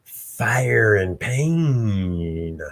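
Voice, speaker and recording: Man doing a smug comic-book villain wizard, deep taunting voice, slow drawn-out gloating. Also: big pitch swings, heavily acted.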